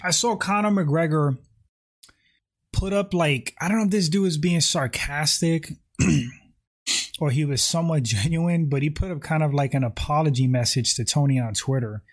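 A man hosting a casual livestream, reading viewer comments aloud and answering them. He rambles, leans on "like" and "you know" a lot, and keeps clearing his throat. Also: a little high, normal speed. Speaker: YouTube livestream host.

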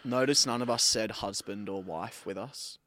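A man's voice: fairly low pitch, moderate pace, a bit bright, no echo. Crude joking young Australian man. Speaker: podcast co-host. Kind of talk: casual chat.

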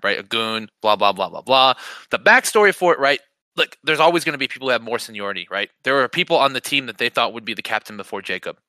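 A man talking sports on a podcast in an excited, animated voice that is very bright and forceful. He often stumbles over his first words and repeats them before pushing on. The sound is close and dry, with no room around it. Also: mid-range voice, dry recording. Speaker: podcast co-host. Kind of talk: casual sports chat.

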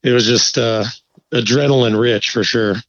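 A man spins a fishing yarn in an easygoing, profane, animated way. His voice sits at an ordinary pitch. The sound is slightly dull and very dry. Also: normal speed, no room sound. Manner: laid-back, profane, animated storyteller. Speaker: guest angler. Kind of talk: casual storytelling.

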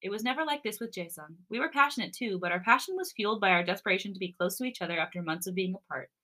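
Bright-voiced woman reading fan fiction. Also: medium pitch, rapid-fire. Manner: expressive reading, breaks into giggles. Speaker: podcast co-host.

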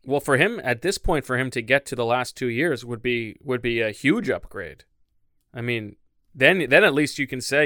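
Brief: male co-host, wry sports talk, bright and smooth voice, dry studio sound. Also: mid-range voice, animated, normal speed, no room sound. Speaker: podcast co-host. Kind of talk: casual sports podcast chat.

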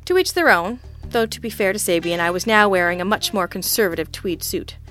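A woman's voice: mid-range voice, a little fast, fairly bright tone, faint music behind. A woman narrating a first-person hard-boiled detective story in a wry, sardonic, teasing manner. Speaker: audiobook narrator.

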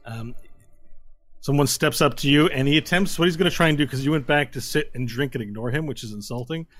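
A man's voice: mid-range voice, a little fast, no room sound. A man narrating a tabletop role-playing game as game master, acting out the scene with sound effects and sudden yelps.

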